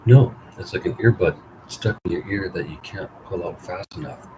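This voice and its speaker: Deep-voiced man reading his story aloud. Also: moderate pace, poor audio. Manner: wry, profane, self-mocking. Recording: loud background noise.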